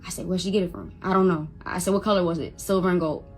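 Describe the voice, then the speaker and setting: A woman's voice: on the low side, steady tone, quick pace, faint music behind. A young adult woman, a mother, telling an emotional first-person story, stuttering and repeating words when upset and quoting others as she goes.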